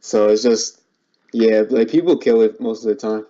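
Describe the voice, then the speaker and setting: A young man chats in an easygoing, agreeable way and hedges often with filler words. His tone is dark and mellow. The recording sounds muffled and lo-fi. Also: on the low side, fairly even intonation, moderate pace. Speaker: guest. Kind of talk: casual chat.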